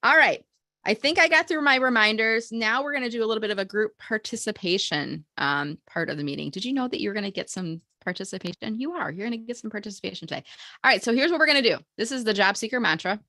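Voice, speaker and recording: A woman's voice: medium pitch, expressive, fast, bright, forceful tone, no room sound, studio quality. A woman hosting a job seeker video meeting, encouraging and upbeat, leading a call-and-response mantra and giving motivational coaching.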